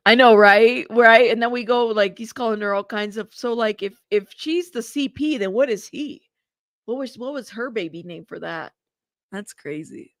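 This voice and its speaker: A woman's voice: a little high, moderate pace, dry recording, studio quality. A woman hosting a casual live stream, chatting, reacting to viewers and laughing. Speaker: host of live trial coverage stream.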